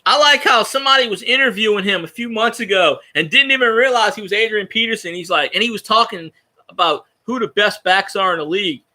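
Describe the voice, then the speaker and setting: A man hosting a casual sports chat, rambling and profane like an excited fan. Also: sits high, quick pace. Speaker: podcast host.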